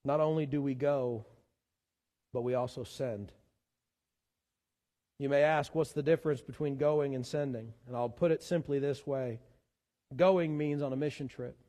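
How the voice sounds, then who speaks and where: A man's voice: medium pitch, moderate pace, long pauses, dark tone, in a large hall. A man preaching a sermon as pastor, earnest and given to repeating words as he searches for the next one. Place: church sanctuary.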